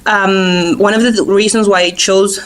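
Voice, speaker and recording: A woman's voice: mid-range voice, steady tone, normal speed. A woman, chatting casually as a podcast guest, with lots of ums and easy laughter. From Ecuador. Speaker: guest, volunteer graphic designer.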